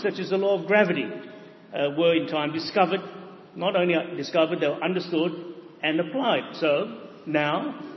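A man preaching a sermon, with a voice pitched a little higher than most men's. He explains his points in a measured, steady way and pauses often with "uh". The sound is a bit dull and rings with a long hall echo.

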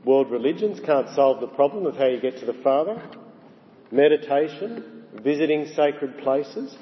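A man preaching a sermon, emphatic, rising on key phrases and slowing down for weight. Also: on the high side. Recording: dull sound with long hall reverb.

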